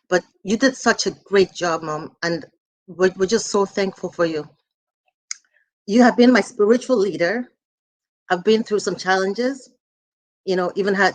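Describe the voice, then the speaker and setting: Emotional woman in her forties paying tribute. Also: on the low side. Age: 40s. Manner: earnest, emotional, warm. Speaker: author's daughter, speaker. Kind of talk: heartfelt tribute speech.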